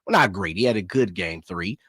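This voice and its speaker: A man's voice: deep voice, lively intonation, fairly quick, a bit bright, husky, no room sound, studio quality. A man co-hosting a casual sports talk show, emphatic and colloquial. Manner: emphatic, colloquial, uses boxing and horse imagery. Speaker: co-host.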